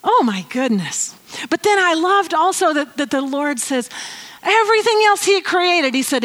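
A woman giving informal Bible teaching, animated and laughing often as she tells the story. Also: extremely high pitch, normal speed.

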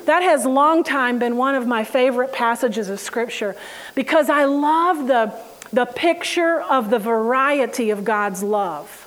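A woman with a bright, high voice preaches in a relaxed, conversational way. She tells everyday stories with lively energy and laughter, then slows down and softens for scripture passages. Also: poor audio. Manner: animated, laughing storyteller who reads scripture slowly. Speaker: Bible teacher. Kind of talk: conversational sermon.

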